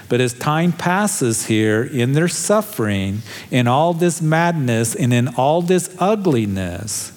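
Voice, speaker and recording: A man's voice: mid-range voice, a little mellow. Earnest man preaching a sermon. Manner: earnest, emphatic preaching with rising appeals. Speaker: pastor.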